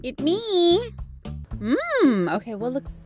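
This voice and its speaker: A young woman hosting a gameplay video, giggling and gushing with excitement as she plays. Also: high-pitched, slow pace, over music. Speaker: gaming video host.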